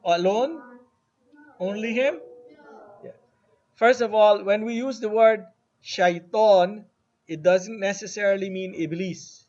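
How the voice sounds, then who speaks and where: A man with a fairly high voice teaches a classroom lesson at an unhurried pace. He keeps asking his students questions and has them repeat words back. The recording is dull and lo-fi, with a faint hiss underneath. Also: a little mellow. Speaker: Arabic teacher.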